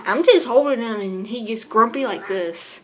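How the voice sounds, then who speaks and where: A woman's voice: fairly high pitch, normal speed, background noise. A woman filming at home, playfully scolding and teasing her cat in baby talk. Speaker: vlogger. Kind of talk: casual home video talking to her cat.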